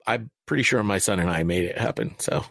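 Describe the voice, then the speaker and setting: A man's voice: low voice, brisk, dry recording. A man co-hosting a casual sports podcast, joking around and ranting in mock anger. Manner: lively, joking, mock-angry rants. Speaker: podcast co-host.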